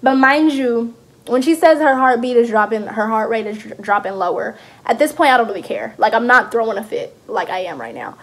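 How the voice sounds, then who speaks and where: A young woman, chatting through a storytime vlog in a lively, animated way. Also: fairly high pitch, fairly quick. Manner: chatty, animated retelling with laughs. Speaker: vlogger.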